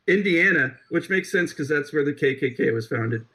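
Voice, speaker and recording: A man's voice: on the high side, lively intonation, a little slow, bright, forceful tone, breathy edge, low-quality recording. A man co-hosting a podcast in casual, profane banter. He jokes, swears often and restarts his sentences. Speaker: podcast co-host.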